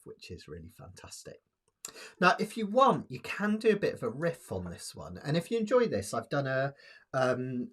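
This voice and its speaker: A man's voice: mid-range voice, fairly bright tone, breathy edge. A man teaching a live-streamed ukulele lesson, patient and encouraging, counting beats aloud as he explains chords. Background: ukulele playing.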